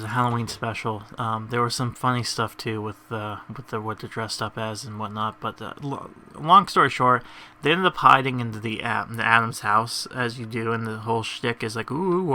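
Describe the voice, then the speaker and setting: A man's voice: mid-range voice, bright, forceful tone, a little hiss or hum. A man giving rambling, casual commentary over a video game, chuckling between tangents. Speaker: gamer.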